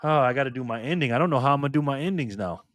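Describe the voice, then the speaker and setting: A man's voice: medium pitch, lively intonation, very fast, fairly bright tone, a little hiss or hum. A man hosting a casual live stream, chatting loosely with viewers by name and repeating himself.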